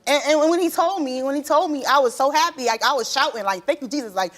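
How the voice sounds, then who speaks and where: A woman in her thirties, a talk show guest telling her side of a family dispute in animated, colloquial speech. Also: high voice, quick pace. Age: 30s. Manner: animated, acts out quoted voices; colloquial, repeats herself. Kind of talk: emotional testimony.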